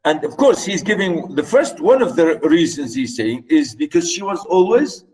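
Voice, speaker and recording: A man's voice: a little high, big pitch swings, moderate pace, dark tone, rough recording. A man lecturing on a novel, explaining passages and repeating his points with many fillers. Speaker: literature lecturer.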